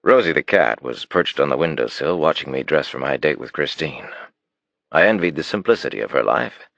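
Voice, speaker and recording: Deep, gravelly male narrator for an audiobook, lively delivery, dry sound. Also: brisk, no echo. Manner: expressive reading, drops to a hushed tone in romantic passages. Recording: dull dry studio recording.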